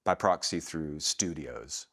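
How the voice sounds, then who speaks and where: A middle-aged man from Atlanta, Georgia, working as a voice actor, telling stories in a relaxed way in a casual interview and laughing easily. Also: a bass voice, takes it slowly. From Atlanta, Georgia, USA. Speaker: guest, voice actor.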